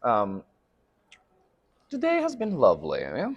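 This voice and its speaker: A man's voice: medium pitch, huge pitch swings, measured pace, muffled recording. A man from the Philippines, a guest in a casual interview, chatting in a giggly way with lots of fillers and trailing thoughts. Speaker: interview guest, drag house mother.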